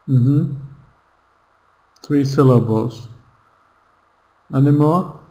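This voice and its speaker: A man teaching an online English lesson, slowly repeating words and pronunciations for his students. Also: mid-range voice, low-quality recording.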